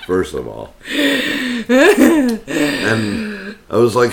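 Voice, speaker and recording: A man's voice: lowish voice, wildly swooping pitch, takes it slowly, gravelly, pauses often. Profane, exasperated man telling a story. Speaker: podcast co-host. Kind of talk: casual storytelling chat.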